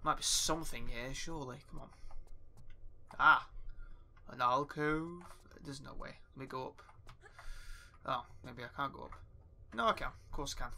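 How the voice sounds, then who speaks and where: A man's voice: medium pitch, normal speed, long pauses, pushed and bright, a little hiss or hum. A young man casually commenting while playing a game, chatty, swearing often and talking to himself. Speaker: gaming YouTuber. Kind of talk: casual let's play commentary.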